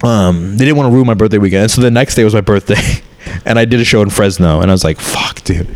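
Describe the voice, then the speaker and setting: A man's voice: on the low side, fast talker. A man in his thirties, a comedian, talking candidly and rambling in a casual chat, swearing often.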